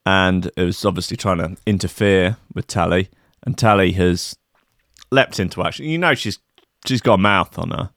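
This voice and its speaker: A man's voice: deep voice, moderate pace, fairly bright tone, no echo, studio quality. A man telling a comic anecdote in a wry, rambling, sarcastic way. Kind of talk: comic storytelling monologue.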